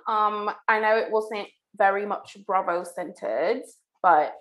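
A woman's voice: mid-range voice, takes it slowly, a bit bright. A woman co-hosting a podcast in casual chat, chatty and slangy, laughing often. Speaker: podcast co-host.

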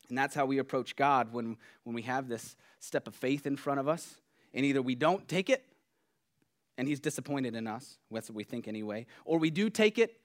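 A man preaching a sermon in an earnest, conversational way, dropping soft and then growing emphatic. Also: mid-range voice, animated, brisk. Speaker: pastor.

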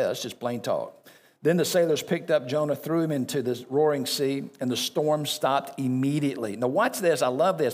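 A man preaching a sermon as pastor, reading scripture aloud and breaking off into conversational asides to the congregation. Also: on the high side.

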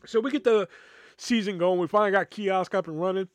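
A man's voice: sits high, fairly quick, no room sound. Rambling man telling a work story. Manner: rambling, profane, acts out quotes. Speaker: podcast host. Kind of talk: casual storytelling.

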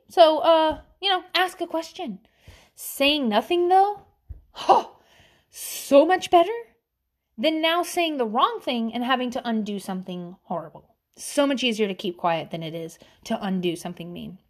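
A woman's voice: sits high, a little slow. A woman in her thirties giving blunt, profane parenting advice in a casual monologue, acting out the other voices she quotes. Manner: blunt, profane, animated quoting.

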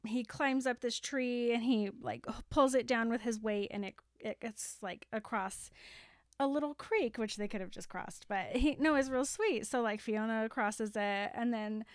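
Animated young woman recapping a film. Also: on the high side, a little slow, no room sound, clean studio sound. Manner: animated retelling, acting out characters' lines with lots of "like". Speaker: podcast co-host retelling a film. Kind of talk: casual chat, recapping a film plot.

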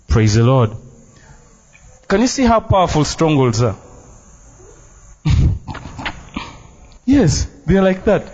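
A man preaching a sermon as pastor in a church, emphatic and playful, dropping Luganda phrases into his English. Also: high voice. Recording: dull, muffled sound.

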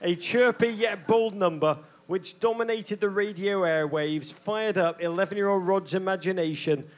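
An Englishman in his forties co-hosts a podcast on stage before a live audience, speaking at normal speed in a high voice. His delivery is theatrical and mock-grandiose, and he often pokes fun at himself.

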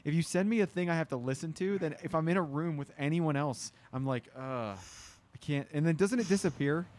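In a slightly high voice and at a fast clip, a man tells rambling stories during a casual chat with friends, animatedly mimicking how other people talk.

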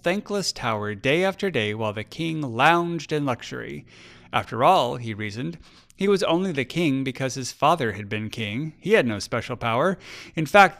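A man, the author, narrating his children's story in an expressive, measured way. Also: medium pitch. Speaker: author reading his book.

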